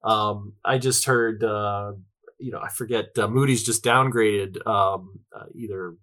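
Bright-voiced man chatting as a guest. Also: fairly low pitch, fairly even intonation, unhurried. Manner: chatty, peppers sentences with "right?" and fillers. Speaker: guest, tech company representative. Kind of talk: conversational interview answers.

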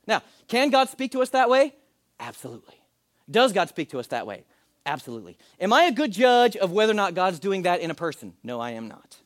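High-voiced pastor preaching conversationally. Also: male voice, no echo, studio quality. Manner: conversational preaching with acted quotes. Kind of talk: sermon.

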